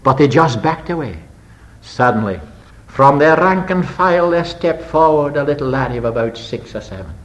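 An older man preaching a sermon as a story, dramatic, swinging between loud bursts and hushed low passages. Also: expressive, normal speed, rough recording.

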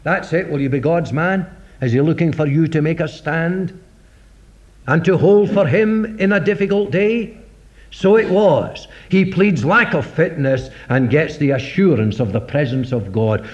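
A man preaching a sermon in a dramatic, rhetorical way, acting out the voices of scripture. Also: fairly high pitch. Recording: dull lo-fi recording.

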